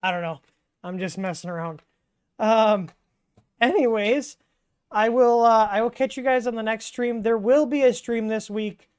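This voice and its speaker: Relaxed rambling woman hosting a livestream. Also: a little high, measured pace, clean tone. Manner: rambling, relaxed, many fillers and restarts. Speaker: livestream host answering 3D printer questions. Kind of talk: casual live Q&A chat.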